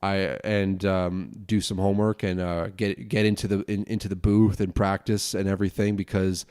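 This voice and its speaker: A young man hosting a casual solo podcast, rambling quickly with lots of restarts and swearing. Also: deep voice, little pitch movement, darkish tone, clear, resonant tone, no room sound, clean studio sound. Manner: fast rambling talk, frequent swearing and restarts. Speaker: podcast host and broadcasting student.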